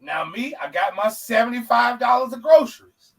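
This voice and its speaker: A man co-hosting a podcast, telling a profane, animated story in casual chat and acting out the people in it. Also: very high voice, normal speed, vocal fry, far from the mic, low-quality recording. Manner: animated, profane, acts out quoted voices. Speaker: podcast co-host.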